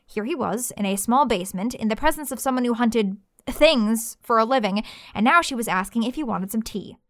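A woman narrating a story with a lively, expressive reading. Her voice sits a little high. The sound is dry and close to the mic. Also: a little fast, no echo.

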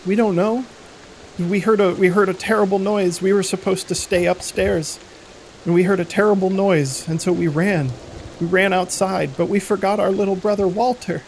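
Scared little girl in a tabletop game, high and pleading; a man voices her. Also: fairly even intonation, normal speed, slight background noise. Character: frightened little girl, child.

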